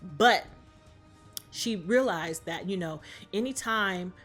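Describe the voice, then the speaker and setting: A woman's voice: lowish voice, lively intonation, slow, a bit bright, soft background music. A woman vlogger giving a comic movie recap in slangy, profane talk.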